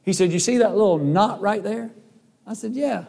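A middle-aged man preaching a sermon with a hoarse voice, telling a personal story in a folksy way and acting out the voices of people in it. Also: sits high, moderate pace, darkish tone. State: hoarse from a vocal cord nodule. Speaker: preacher and singer.

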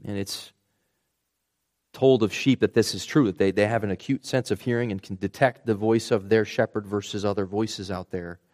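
A man's voice: lowish voice, fairly even intonation, normal speed. Earnest male preacher. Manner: earnest, restarts words, drops to a soft hush for tender moments. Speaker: pastor. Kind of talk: sermon.

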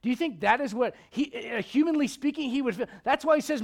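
A man preaching a sermon as pastor, conversational with jokes, swinging from loud emphatic peaks to hushed low passages. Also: fairly quick, creaky, few pauses.

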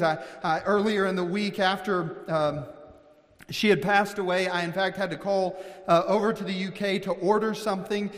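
A high-voiced man from Missouri delivers a sermon, earnest and searching, with frequent restarts and slowed, weighted phrases. His voice carries a long reverb, as if filling a church sanctuary. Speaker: pastor.

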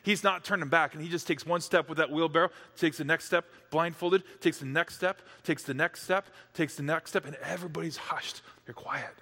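A man's voice: on the high side, fairly even intonation, brisk, hardly any pauses, pushed and bright, in a large hall. A man preaching a sermon as a dramatic story, dropping to near-whispers at the tense moments.

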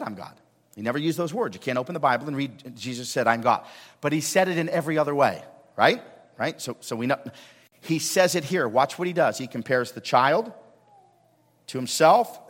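A man, a pastor, preaching a sermon and quizzing the congregation with quick questions. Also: mid-range voice. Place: church sanctuary. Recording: church service recording with long hall reverb.

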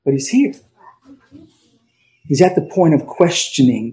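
A male pastor preaching an emphatic sermon, slowing down and swinging between loud stresses and quiet asides. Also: a little high, sing-song, rough recording. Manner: emphatic preaching with dramatic pauses and swings in volume.

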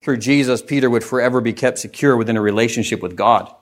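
Male pastor, mid pitch, earnest emphatic sermon delivery. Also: fast.

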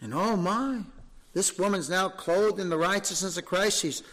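A man's voice: high voice, moderate pace, a bit bright. A man preaching a sermon as pastor, fervent, asking rhetorical questions and repeating words for emphasis.

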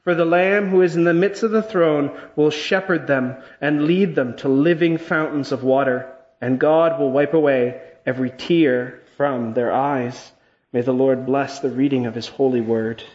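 A man leading a church service as pastor, reading scripture and then praying in an earnest, measured way. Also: mid-range voice, steady tone, a little mellow, dull audio.

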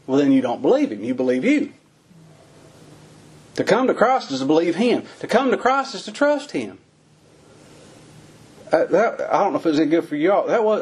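A man preaching a folksy sermon, his voice climbing high on the emphatic lines. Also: darkish tone, slightly rough.

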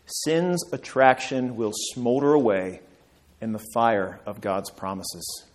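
A male pastor preaching a sermon, building to emphatic peaks and dropping to quiet, earnest lines. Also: medium pitch, fairly even intonation, slow pace.

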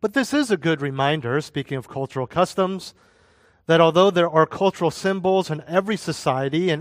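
Male pastor, slightly high voice, talky sermon delivery with jokes, dry close recording. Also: a little fast, no room sound. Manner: conversational preaching with asides and jokes.

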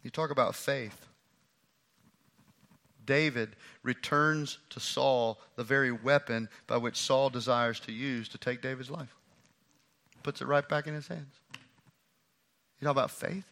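A man preacher delivering a lively, conversational sermon and acting out a scripture story. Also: mid-range voice, measured pace, creaky, pauses often.

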